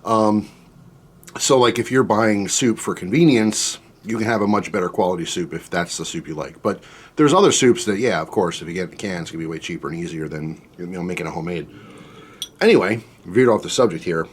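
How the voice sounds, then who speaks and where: A man with a fairly low voice rambles casually through a spicy soup taste test. He fills gaps with "um" and "like" and drifts off topic. His mouth burns from the heat as he talks. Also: fairly quick, slightly rough. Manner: chatty, rambling, with many fillers and asides. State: mouth burning from spicy food. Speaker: food reviewer.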